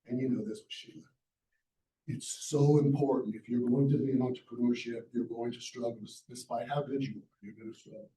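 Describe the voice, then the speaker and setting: A middle-aged man with a drawl tells stories from a lecture stage. His voice is deep and very mellow. It rings through a large, echoey hall, picked up by a mic some way off. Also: steady tone, brisk, recorded from a distance, a little hiss or hum. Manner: folksy storyteller, acts out the quoted lines. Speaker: entrepreneur giving a masterclass talk. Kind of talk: storytelling lecture to a live audience.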